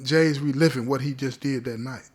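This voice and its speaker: A man's voice: mid-range voice, fairly even intonation, moderate pace, breathy edge. A man hosting a show, telling a story in a casual, conversational way with street slang, often checking in with his listeners. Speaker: podcast host telling a story.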